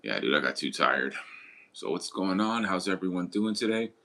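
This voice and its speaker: A man's voice: deep voice, expressive, normal speed, vocal fry, bright, forceful tone. A man casually chatting with his live stream viewers and greeting them. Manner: laid-back, greets chat and asks questions.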